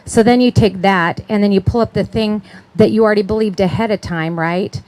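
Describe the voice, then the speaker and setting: A woman's voice: mid-range voice, fairly quick, darkish tone. A middle-aged woman giving a chatty, conversational sermon at a conference, often checking in with her listeners and laughing. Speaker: conference speaker.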